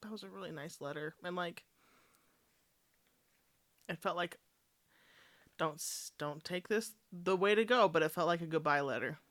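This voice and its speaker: A woman's voice: on the low side, normal speed, long pauses, a bit bright, no echo, clean studio sound. A woman co-hosting a podcast, chatting in a teasing way. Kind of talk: casual chat.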